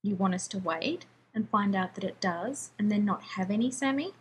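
A woman's voice: mid-range voice, animated, normal speed, slight background noise, close to an everyday voice. A woman voicing a weary, protective teenage older brother in a story reading, sounding tired and brotherly. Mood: teasing.

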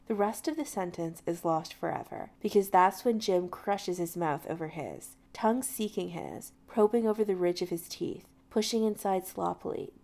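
A woman reading a piece of fiction aloud in a steady, matter-of-fact way. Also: fairly low pitch, creaky. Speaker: reader.

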